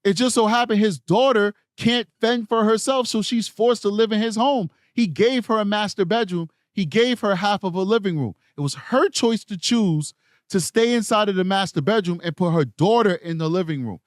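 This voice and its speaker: High-voiced man with emphatic commentary. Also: moderate pace, no room sound, clean studio sound. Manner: emphatic, repetitive, argumentative. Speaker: true crime livestream host. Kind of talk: casual commentary, reading live chat.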